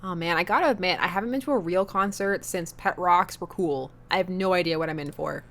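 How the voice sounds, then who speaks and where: A woman's voice: on the low side, a little fast, a bit bright. A woman reading the lines of a friendly, easygoing middle-aged man in a dating game.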